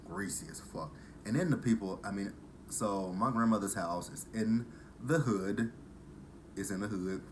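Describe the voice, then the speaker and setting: Low-voiced rambling man. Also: a bit bright, a little hiss or hum. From Texas. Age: 30s. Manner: rambling, profane, goes off on tangents. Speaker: TV episode reviewer. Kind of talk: casual vlog recap.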